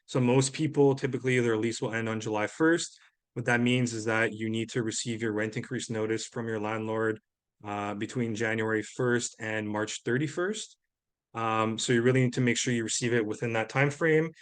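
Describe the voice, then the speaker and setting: A man's voice: medium pitch, steady tone, normal speed. A man presenting in a webinar and answering questions, earnest and explanatory, with many fillers. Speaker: housing presenter.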